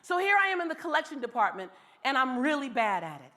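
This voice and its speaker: A woman in her forties giving an inspirational keynote as a motivational speaker, animated and leaning on repeated rallying phrases. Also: sits high, quick pace. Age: 40s.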